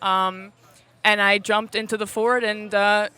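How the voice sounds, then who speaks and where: Bright, clear-voiced young actress. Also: female voice, mid-range voice, little pitch movement. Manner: rambling, halting, laughs often. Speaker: actress in a short film. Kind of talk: casual red carpet interview. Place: outdoors at a premiere.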